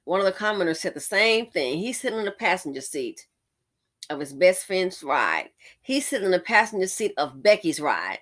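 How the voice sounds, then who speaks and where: A woman talks through her opinions in a bright, forward voice. She sounds sassy and exasperated and slips into mocking impressions. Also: lowish voice, expressive, a little fast. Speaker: commentary vlogger. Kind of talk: opinion commentary.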